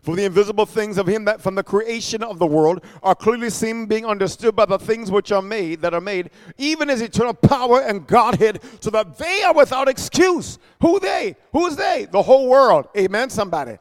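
A man preaching a sermon, calling for responses from the congregation and punching key words loudly. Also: high-pitched, lively intonation, fairly quick, hardly any pauses, big-room sound. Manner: call-and-response, loud bursts on key words.

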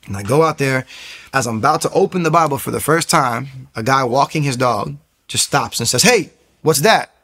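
Gravelly young man telling his story. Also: mid-range voice, fairly quick. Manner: animated, acts out quoted voices. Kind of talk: personal testimony, casual storytelling.

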